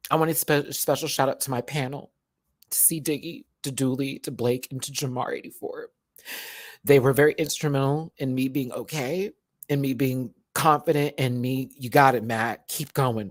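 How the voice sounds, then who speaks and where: A man's voice: medium pitch, no room sound. Emotional young man on a dry mic. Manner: heartfelt, rambling, repeats and restarts words. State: emotional, near tears. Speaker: YouTuber host. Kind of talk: emotional livestream talk to viewers.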